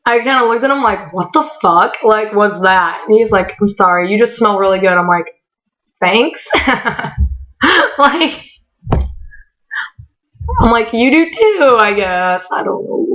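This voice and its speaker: A young woman telling a story to her viewers in a casual vlog, excitable and giggly, saying "like" a lot and swearing casually. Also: medium pitch, muffled recording. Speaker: vlogger.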